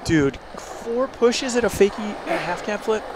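A man's voice: high voice, animated, heavy background noise. A man commentating on a skateboarding game, reacting to each trick with awe. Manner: drawn-out, awed reactions. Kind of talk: hyped sports commentary.

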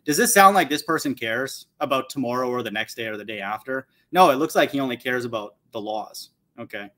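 A man with a bright-ish, expressive mid-range voice hosts a Bible channel, reading scripture aloud at a brisk pace. His commentary is blunt, scornful, and insulting, mocking listeners and repeating "okay" between points.

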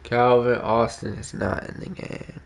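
A man on a game stream talks to his chat in loose slang, drawing his words out slowly. His voice carries a gravelly, fry-heavy edge. He ribs his viewers playfully between plays. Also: medium pitch, flat delivery. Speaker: gaming streamer. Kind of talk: casual live-stream chat while playing.

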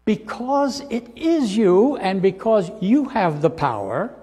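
A bold male disciple calls out in a raised, urgent voice, as a preacher acts him out in his sermon. The voice sits higher than the speaker's own and carries a long church reverb. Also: sing-song, slow pace, warm tone, husky, exaggerated voice. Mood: eager.

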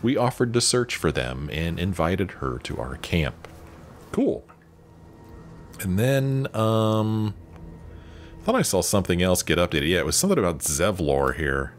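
This let's play host has a low-pitched voice with big pitch swings and a measured pace. He chats casually about the game and voices the dialogue options, with faint game music in the background.

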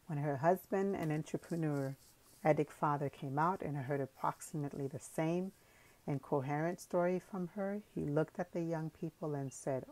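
A woman reading an audiobook in calm, measured scripted narration. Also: low voice.

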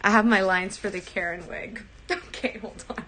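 A woman's voice: mid-range voice, steady tone, moderate pace, sharp tone, slight background noise, rough recording. A young woman chatting casually on a livestream, giggly and self-conscious as she practices a character. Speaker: livestream host.

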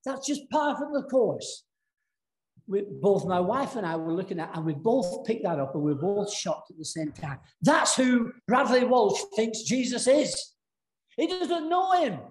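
A man's voice: high-pitched, lively intonation, unhurried, darkish tone, slight background noise. Northern english guy preaching in church, earnest, lots of restarts, echoey room. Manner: earnest, storytelling with many restarts. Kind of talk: sermon.

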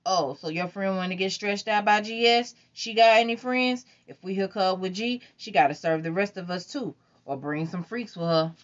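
A woman's voice: medium pitch, normal speed, hardly any pauses, voice pushed up, lightly acted. A woman voicing a crude, cocky young man on tour in an audiobook reading, teasing and suspicious, on a dull lo-fi recording.

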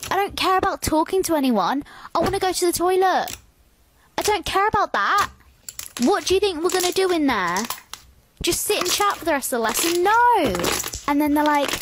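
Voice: sits high, lively intonation, a little fast, background noise. A synthetic text-to-speech voice narrating a complaining, sarcastic storytime rant.

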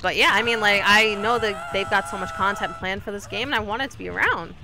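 A woman streamer giving casual commentary while she plays, chatty and talking to her teammates and the killer, with sudden excited yelps. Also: mid-range voice, quick pace, noisy background. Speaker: gaming streamer.

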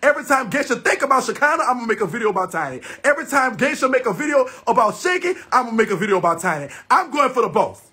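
Husky high-pitched man ranting. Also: big pitch swings, rapid-fire, hardly any pauses, bright, forceful tone. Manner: heated, repetitive, confrontational. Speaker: livestreamer. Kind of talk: angry profane rant to viewers.

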